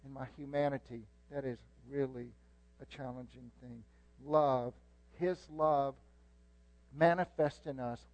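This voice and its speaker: A man preaching a sermon, earnest, stressing key words slowly and letting phrases trail off quietly. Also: medium pitch, no echo, poor audio.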